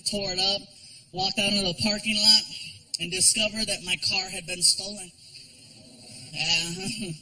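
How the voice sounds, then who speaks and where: A man performing a stand-up comedy routine, telling stories animatedly, acting out characters and shouting punchlines. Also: sits high, rough recording.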